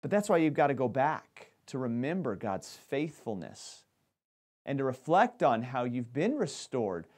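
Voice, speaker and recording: A man's voice: medium pitch, big pitch swings, measured pace, darkish tone. A man preaching a sermon as pastor, talking animatedly and often restarting his phrases.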